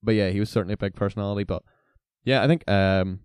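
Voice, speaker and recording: A man's voice: lowish voice, fast talker, clear, resonant tone, no echo, studio quality. A man in his twenties, a university student telling stories in casual chat and leaning heavily on "like" and "basically". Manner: animated storyteller, leans on "like" and "basically".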